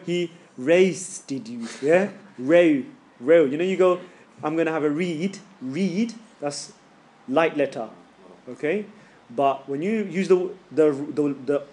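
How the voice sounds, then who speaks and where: A man's voice: fairly high pitch, a little mellow. Chatty man teaching recitation. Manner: chatty, demonstrates letter sounds over and over, uses slang. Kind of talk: casual classroom teaching. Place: classroom with students.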